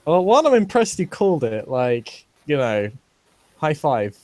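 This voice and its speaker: A man's voice: on the high side, sing-song, measured pace, a little mellow, no room sound. A man who narrates as game master in a tabletop game, chatty with many fillers and frequent laughs.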